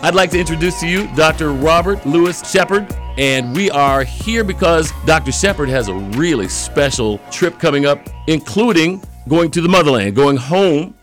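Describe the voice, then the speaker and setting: Radio host man with a higher voice. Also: expressive, normal speed, few pauses, faint music behind. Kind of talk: radio interview. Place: radio studio.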